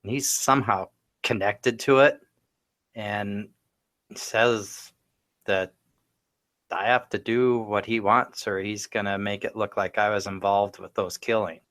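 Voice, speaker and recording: A man with a fairly low voice playing a tabletop role-play. He recounts his character's story plainly, with hesitations. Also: steady tone, unhurried, fairly bright tone. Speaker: player.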